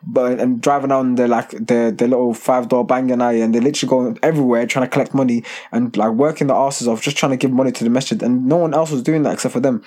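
A man, a podcast host telling stories in an animated, slangy casual chat. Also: mid-range voice, fast, hardly any pauses.

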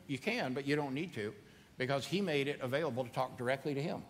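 A man's voice: medium pitch, animated, fast, big-room sound. A man preaching a sermon in a conversational, earnest way, repeating phrases for emphasis.

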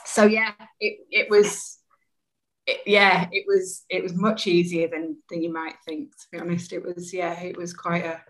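A woman from Manchester with a Manchester English accent, chatting casually as a guest over a video call, self-deprecating and quick to laugh. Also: fairly low pitch, level tone, poor audio. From Manchester, England. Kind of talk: casual conversation.

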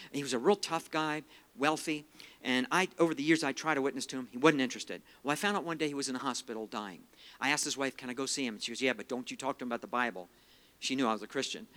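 A middle-aged man preaches with a bright, forceful edge to his voice. He tells personal stories earnestly, weaves in scripture, and sinks to a hushed tone at the solemn moments. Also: a little high. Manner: earnest storytelling, quotes scripture, drops quiet for emotional parts. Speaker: evangelist speaker. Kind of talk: sermon with personal testimony.

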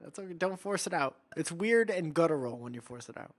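A man's voice: on the high side, animated, fairly quick. A man co-hosting a podcast in casual chat, rambling and jokey and laughing often. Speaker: podcast co-host.

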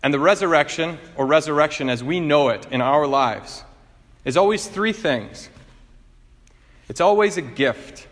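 A man's voice: fairly high pitch, expressive, a little slow. A man preaching a sermon and retelling gospel stories in an earnest storytelling manner. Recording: reverberant hall.

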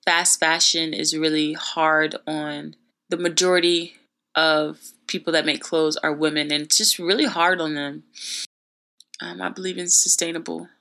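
Chatty young woman, slightly low. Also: unhurried, gravelly. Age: young adult. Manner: chatty storytelling, lively quoted voices. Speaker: podcast host. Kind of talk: casual chat.

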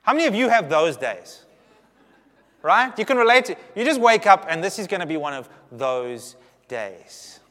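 Pastor, animated and joking, preaching in a reverberant hall. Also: male voice, sits high, normal speed. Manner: humorous, animated preaching with audience asides. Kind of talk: sermon. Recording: long reverb of a big hall.

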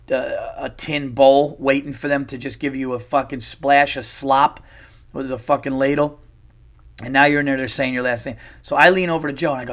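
A man's voice: mid-range voice, a bit bright. Profane man telling a rambling story. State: voice worn from getting sick. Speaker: podcast host. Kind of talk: casual comedic storytelling monologue.

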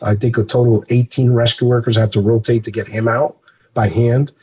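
A man with a husky, slightly rough voice tells his own story as personal testimony. His pitch sits in an ordinary middle range, and he speaks earnestly and haltingly, often breaking off mid-sentence. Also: little pitch movement, mellow. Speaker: former police officer recounting a rescue.

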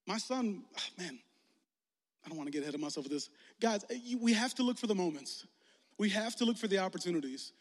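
A man, preaching a lively, joking youth sermon that rises to shouts. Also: high voice, fast talker. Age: 40s. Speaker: youth pastor. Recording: long hall reverb.

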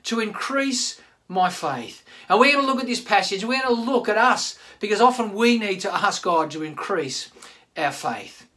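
A man's voice: sits high, normal speed. Chatty pastor in his fifties. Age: 50s. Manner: chatty, animated, addresses listeners directly. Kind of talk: online sermon.

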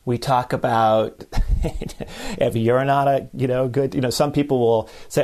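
Man, podcast host, mid-pitched, chatty and affirming. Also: steady tone, a little slow, a little mellow. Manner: affirming, chatty, many "you know"s. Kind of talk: conversational interview.

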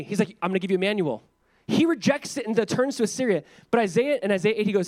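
Animated high-voiced male preacher. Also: a little fast, no room sound. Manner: animated, acts out quoted voices, pleading in quiet stretches. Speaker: pastor. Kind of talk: sermon. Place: church sanctuary.

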